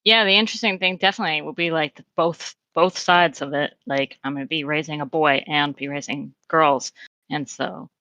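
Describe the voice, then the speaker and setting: Bright-voiced thoughtful woman guest. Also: low voice, steady tone, no room sound, lo-fi sound. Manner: thoughtful, agreeable, halting. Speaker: podcast guest. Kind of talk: casual chat.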